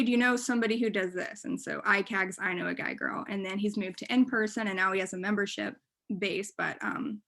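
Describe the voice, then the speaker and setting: Chatty woman giving a talk. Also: medium pitch. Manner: chatty, filler-heavy, animated asides. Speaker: workshop speaker. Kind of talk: casual presentation talk.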